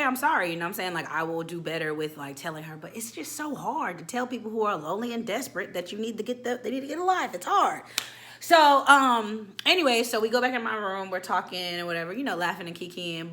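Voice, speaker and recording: A young woman in her twenties telling a casual, animated storytime, acting out quotes with slang. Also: mid-range voice. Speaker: storytime vlogger.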